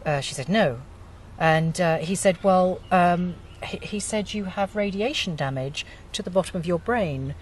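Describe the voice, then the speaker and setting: A woman hosting a group discussion, talking with many pauses and fillers. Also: lowish voice, distant mic, a little hiss or hum. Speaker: group host.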